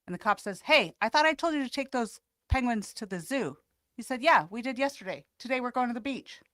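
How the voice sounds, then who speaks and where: A woman's voice: a little high, animated, a little fast, fairly bright tone, dry recording. A woman guest on a casual radio show, telling a joke as a plain little story.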